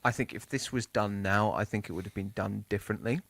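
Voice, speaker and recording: Low-voiced man on a dry mic. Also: a little fast, creaky, fairly bright tone, no echo. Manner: talkative, sharing trivia with listeners. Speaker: podcast co-host. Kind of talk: casual review chat.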